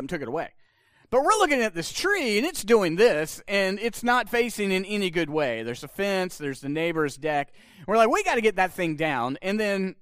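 A man in his thirties preaches in a chatty storytelling way, his voice high and very expressive. He acts out the dialogue he quotes. The recording is dry with no room sound. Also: no room sound. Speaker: pastor. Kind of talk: sermon with storytelling.

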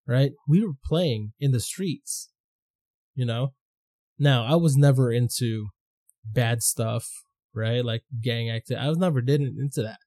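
Profane, animated male podcast host. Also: mid-range voice, a little slow. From Philippines. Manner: profane, animated storytelling with quoted voices. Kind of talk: casual chat.

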